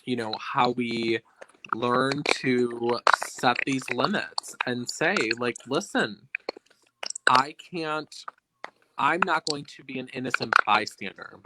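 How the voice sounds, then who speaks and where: A counselor on a podcast, speaking haltingly and searching for words with many fillers. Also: mid-range voice. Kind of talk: casual podcast discussion. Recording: loud noise with clicks.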